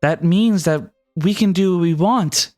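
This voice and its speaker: A man's voice: sits high, unhurried, a little mellow, soft background music, voice pushed up. A man voicing a three-headed ice monster that turns savage and wants to kill. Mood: menacing.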